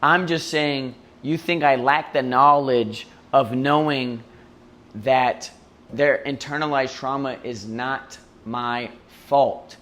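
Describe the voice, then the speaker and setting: A man's voice: mid-range voice, steady tone, slow pace, a bit bright. Profane, venting male streamer. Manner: mimics others in mocking voices. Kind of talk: casual live-stream rant.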